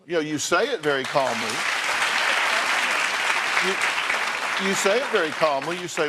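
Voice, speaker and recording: A man's voice: fairly high pitch, expressive, measured pace, long pauses, crowd noise, noisy background. An older man with a Southern American accent hosting a talk show, bluntly scolding guests and reading out costs. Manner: blunt, scolding, reads out figures. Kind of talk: confrontational talk show advice.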